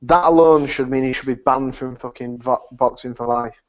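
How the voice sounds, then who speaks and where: A man's voice: mid-range voice, steady tone, normal speed. A man on a podcast, chatting casually in a dry, mocking way. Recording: dull lo-fi audio.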